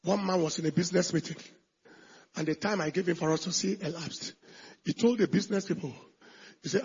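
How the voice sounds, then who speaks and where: A male pastor preaching a sermon with emphasis, shifting between shouted lines and hushed asides. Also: sits high, fairly quick, pauses often, husky, highs cut off.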